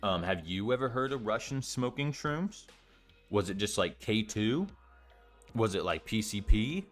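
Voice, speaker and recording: A man's voice: fairly low pitch, sing-song, unhurried, faint music behind. A young man telling a story in a casual vlog, rambling with lots of fillers and swearing freely. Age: young adult. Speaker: storytime vlogger.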